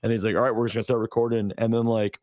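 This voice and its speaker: A man's voice: on the low side, level tone, rapid-fire, a little mellow, dry recording, clean studio sound. A man co-hosting a podcast, telling a long story in casual chat, rambling with lots of fillers and restarts. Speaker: podcast co-host.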